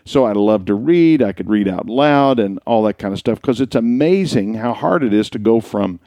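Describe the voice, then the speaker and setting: Folksy storytelling radio man, lively. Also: fairly low pitch, moderate pace, no echo, studio quality. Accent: slight rural American. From southern Indiana. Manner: folksy storyteller, acts out voices in anecdotes. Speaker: radio host. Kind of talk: casual storytelling chat.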